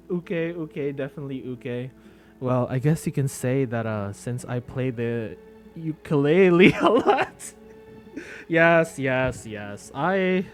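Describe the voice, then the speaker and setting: A man's voice: medium pitch, darkish tone. A man chatting casually with viewers on a live stream, rambling and self-deprecating. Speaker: VTuber streamer.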